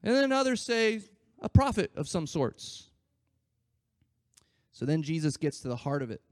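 A man delivers a sermon in a high-pitched voice, recorded dry and close with no room sound. He swings between loud, stretched emphasis and quiet asides, acting out the scripture quotes like a conversation. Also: sing-song, normal speed, no echo. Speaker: pastor.

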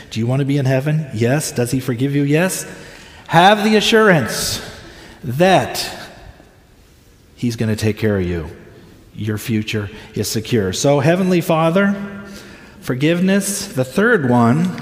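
An older male pastor delivers his sermon slowly and earnestly, leaning on long pauses and drawn-out words. His voice sits at an ordinary middle pitch. It rings through a large, reverberant sanctuary, picked up from some distance away. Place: church sanctuary. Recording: echoey hall, voice from a distance.

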